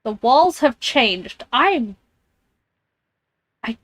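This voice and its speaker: A woman's voice: fairly high pitch, big pitch swings, extremely slow. A woman streamer playing a game, reading its text aloud and reacting with jumpy, scared comments. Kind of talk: live-streamed game playthrough. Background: headphones on, alone in a room.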